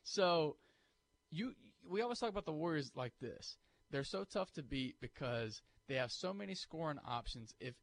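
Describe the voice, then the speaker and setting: A man co-hosting a sports talk radio show, arguing his case and acting out listener objections. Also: on the high side. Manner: animated, argumentative, acts out imagined listener objections.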